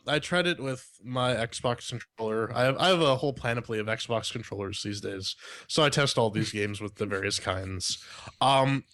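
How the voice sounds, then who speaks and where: A man's voice: medium pitch, a bit bright, no echo. A man co-hosting a game review podcast in casual chat, blunt and profane with lots of filler words. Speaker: podcast co-host reviewing games.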